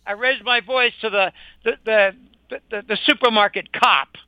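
A man's voice: sits high, moderate pace, no room sound. An older man speaking as an interview guest in an emphatic, indignant, scornful conversational monologue. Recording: dull lo-fi dry recording.

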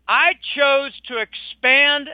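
A man's voice: extremely high pitch, steady tone, slow, dry recording. An older man speaking as an interview guest in an emphatic, indignant, scornful conversational monologue. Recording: dull lo-fi dry recording.

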